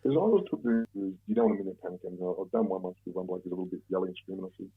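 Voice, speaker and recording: An Australian man, a guest on an interview show, telling stories in a relaxed, rambling way and swearing freely. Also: deep voice, very fast, breathy edge. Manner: relaxed, profane, rambling storyteller. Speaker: guest, former bank robber. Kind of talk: casual storytelling interview. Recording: narrow phone-like sound.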